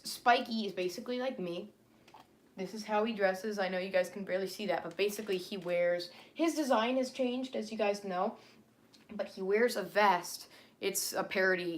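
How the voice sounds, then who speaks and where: A young woman chatting casually on a livestream about her character, rambling with many fillers and restarts. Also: medium pitch.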